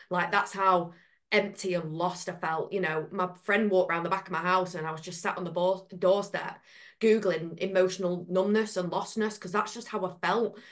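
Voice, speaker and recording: A woman co-hosting a spiritual podcast, playful and chatty and quick to joke. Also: on the low side. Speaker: podcast co-host and spiritual coach. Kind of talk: casual podcast chat.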